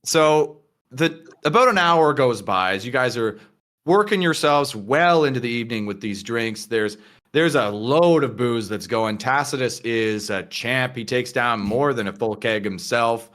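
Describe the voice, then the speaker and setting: A man's voice: mid-range voice, expressive, unhurried, fairly bright tone. A man narrating a tabletop game as game master, casual, with many fillers.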